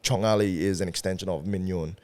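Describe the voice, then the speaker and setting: A man, speaking a little lower than most, chats as a podcast guest. He talks loosely and animatedly and swears freely as he goes. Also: fairly quick. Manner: animated, swears freely, acts out quoted voices. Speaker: podcast guest, event organizer and rapper. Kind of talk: casual conversational interview.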